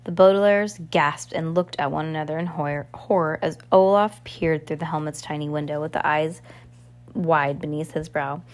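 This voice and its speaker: Woman reading a novel aloud, halting. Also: sits low, fairly even intonation. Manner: halting, restarts words. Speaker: reader.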